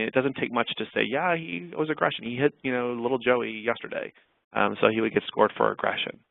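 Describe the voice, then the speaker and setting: A man's voice: mid-range voice, gravelly, no echo. A man giving a webinar talk over slides, casual and full of fillers and restarts. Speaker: clinical researcher presenting a webinar. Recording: dry tinny phone-like webinar audio.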